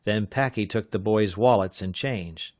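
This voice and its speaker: A man narrating an adventure audiobook in a measured, steady reading. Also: lowish voice, no room sound, clean studio sound. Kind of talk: scripted narration.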